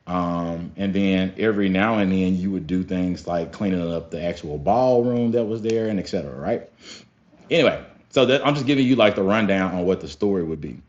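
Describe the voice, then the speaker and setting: A young man telling a story casually to his viewers, animated and profane, often calling them y'all. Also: low voice, brisk. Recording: slightly dull lo-fi sound with faint music.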